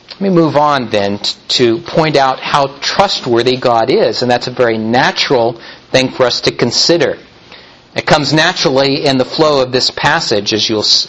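A man preaching a sermon in a slow, deliberate way, now and then turning to speak directly to the children. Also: mid-range voice, a bit bright, a little hiss or hum, low-quality recording. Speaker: pastor.

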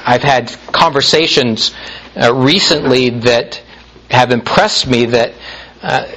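A man preaching a sermon, reading scripture with slow, deliberate emphasis and frequent pauses. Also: mid-range voice, fairly bright tone, low-quality recording. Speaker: pastor.

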